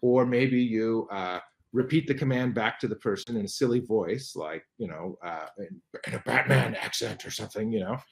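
A man's voice: lowish voice, moderate pace, vocal fry. A middle-aged man, a guest expert in an interview, explaining carefully with frequent restarts and fillers.

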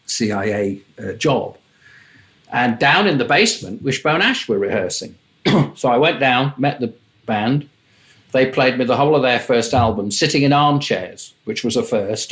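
An older man, a music manager, telling wry, lively anecdotes in an interview and acting out the voices in his stories. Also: medium pitch. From England. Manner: wry, lively raconteur, mimics voices in quotes.

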